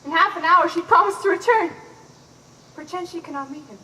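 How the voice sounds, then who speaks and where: A woman's voice: very high voice, fairly quick, sharp tone, echoey room, slight background noise, low-quality recording. A woman playing an impatient young girl in love. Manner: impatient, pleading, giggly. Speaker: stage actor. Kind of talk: live outdoor Shakespeare performance.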